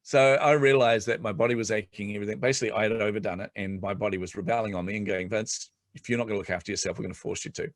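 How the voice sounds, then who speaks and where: A middle-aged man chatting on a podcast as a guest, telling animated stories and laughing often. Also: fairly low pitch, rapid-fire, hardly any pauses, dry recording, studio quality. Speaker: guest entrepreneur. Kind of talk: casual podcast chat.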